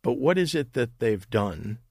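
A man's voice: mid-range voice, expressive, a little slow, slightly rough, no room sound, clean studio sound. A middle-aged man, a state governor, answering interview questions emphatically, often restarting and repeating words.

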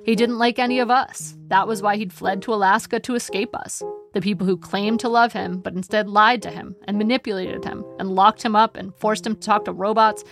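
A woman narrates an audiobook in a wry, steady manner, her mid-pitched voice carrying a gravelly texture. Faint music plays underneath her reading. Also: a little fast.

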